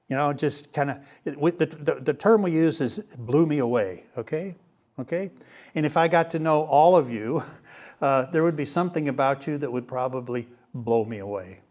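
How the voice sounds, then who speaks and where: An older man teaching a Bible class in a relaxed lecture style, pausing often with fillers and restarts. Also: fairly high pitch. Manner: hesitant, many fillers and restarts. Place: room with a live class.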